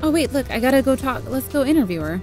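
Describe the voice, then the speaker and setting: A woman's voice: high-pitched, very animated, fast talker. A woman in her thirties playing a video game with giggly, chatty commentary. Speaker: gaming YouTuber. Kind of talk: let's play commentary. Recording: commentary over game music.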